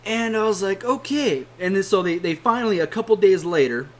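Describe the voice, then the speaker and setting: A man's voice: sits high, expressive, fairly quick. A young man, a YouTuber, delivering a heated, profane rant to his viewers, blunt and swearing often. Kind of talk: angry rant to camera.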